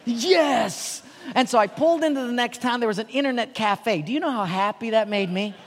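A man speaking as a pastor at a leadership conference, telling a lively personal story and laughing along with it. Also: extremely high pitch, moderate pace. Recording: long hall reverb.

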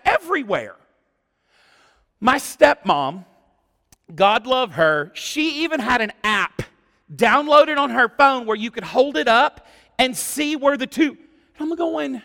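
A male pastor delivers an animated sermon in a strikingly high voice with a gravelly edge. His pitch leaps around as he exclaims and acts out the quotes. A long reverb from the church hall trails every phrase.

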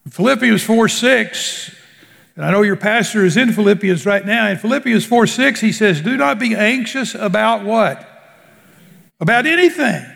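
A man preaching with a gravelly, creaky voice that sits high for a man. He speaks slowly and with weight, stretching out words and letting phrases sink down low. His voice carries a long reverb from a large hall. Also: a bit bright. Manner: slow, emphatic preaching with drawn-out words and sudden drops in pitch. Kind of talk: sermon.

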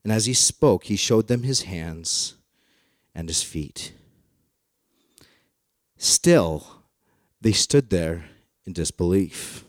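A man's voice: fairly low pitch, a little mellow, dry recording, clean studio sound. A man preaching a sermon in a playful, joking storytelling way, acting out the quotes he reads. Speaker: pastor.

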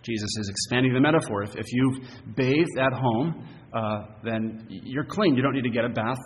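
Earnest preacher in a reverberant hall. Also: male voice, medium pitch, moderate pace. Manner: earnest, emphatic preaching with fillers. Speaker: pastor. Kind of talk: expository sermon. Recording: long reverb, faint hiss.

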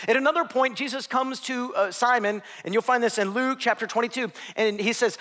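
A man preaching a sermon as a pastor, telling stories animatedly and swinging between hushed near-whispers and loud, excited lines. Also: very high voice, moderate pace, hardly any pauses. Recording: long hall reverb.

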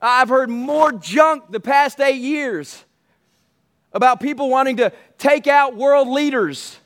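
A man's voice: very high voice, slow pace, a bit bright. A man preaching a sermon as pastor, emphatic and repetitive, calling out to his congregation.

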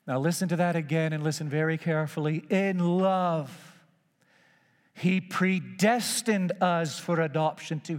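High-voiced preacher in a reverberant hall. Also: male voice. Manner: emphatic, repeats key phrases. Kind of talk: sermon.

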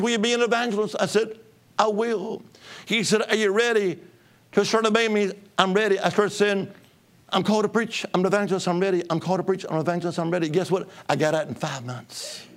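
Male evangelist from Alabama, bright high voice, exuberant shouting testimony sermon. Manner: shouting, exuberant, bursts of tongues.

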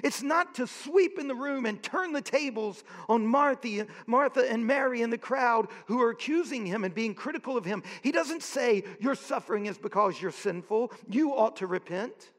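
A man preaching a sermon as pastor, earnest and deliberate, building to impassioned questions. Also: extremely high pitch, expressive, a bit bright, in a large hall.

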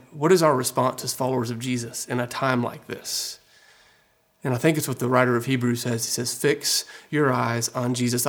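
A man preaching a sermon in an earnest, conversational way, with frequent fillers. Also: medium pitch. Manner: conversational, earnest, many fillers like "you know". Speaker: pastor.

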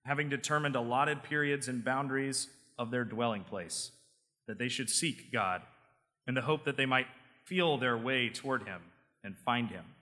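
A preacher reading an earnest apostle's address. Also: male voice, medium pitch, pushed and bright, long reverb tail, close to an everyday voice. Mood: proclaiming. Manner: measured, proclaiming read-aloud delivery.

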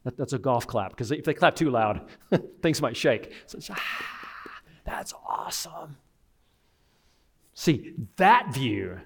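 A man preaching a sermon, animated, acting out the voices of people he quotes. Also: mid-range voice. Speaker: pastor.

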